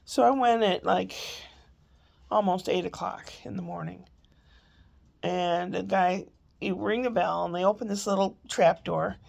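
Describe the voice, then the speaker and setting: A woman's voice: fairly low pitch, measured pace, creaky, a little mellow. A woman vlogging from home in a meandering, chatty way, a little congested with a lingering cough. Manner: chatty, meandering, self-interrupting. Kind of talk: rambling casual chat.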